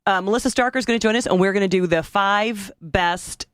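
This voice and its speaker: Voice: medium pitch, fairly quick, fairly bright tone, clean tone, no room sound. Give me a chatty, upbeat podcast co-host with a mid-range voice. They talk casually and laugh easily. The sound is close and dry.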